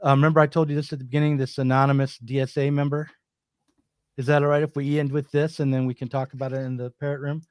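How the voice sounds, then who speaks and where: A man's voice: mid-range voice, level tone, fast, darkish tone, clear, resonant tone, no echo. A man co-hosting a political discussion show, talking with hesitant restarts and fillers. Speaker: podcast co-host.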